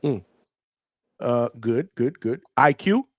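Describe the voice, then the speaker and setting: A man hosting a live call-in show, upbeat, laughing easily and quick with short affirmations. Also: mid-range voice, animated, no echo, clean studio sound. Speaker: host.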